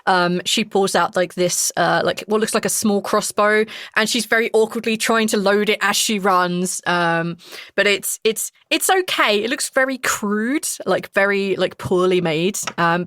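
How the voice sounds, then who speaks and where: A woman's voice: mid-range voice, a bit bright, no room sound. A woman narrating a horror tabletop game as game master, rambling with many fillers. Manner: rambling, full of likes and ums.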